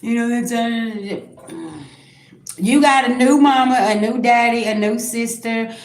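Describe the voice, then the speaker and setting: A woman's voice: on the high side, steady tone, unhurried, echoey room. A woman, giving a blunt, profane psychic reading on a live stream and talking straight to viewers. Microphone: own microphone.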